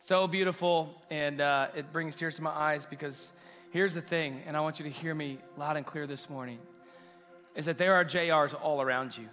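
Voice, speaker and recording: A man's voice: a little high, steady tone, normal speed, pushed and bright, long reverb tail, faint music behind. A man preaching a sermon, telling a story emotionally and acting out the dialogue. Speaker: pastor. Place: church auditorium.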